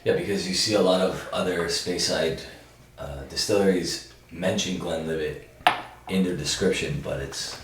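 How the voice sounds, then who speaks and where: A man's voice: sits low, normal speed, heavy reverb, far from the mic, noisy background. A man co-hosting a casual podcast, joking loosely and using plenty of "like". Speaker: podcast co-host.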